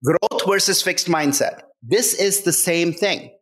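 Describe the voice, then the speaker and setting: A man's voice: high-pitched, takes it slowly, fairly bright tone. A man speaking as a guest author in a conversational interview, earnest and emphatic, often checking in with "right?".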